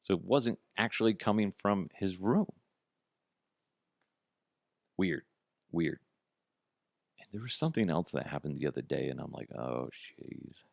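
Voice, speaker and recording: A middle-aged man hosting a podcast, telling profane, comic stories in a casual way and jumping to a high, disbelieving pitch. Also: fast talker, gravelly, dry recording. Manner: profane, animated, jumps to high incredulous pitch. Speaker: podcast host. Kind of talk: casual comedic storytelling.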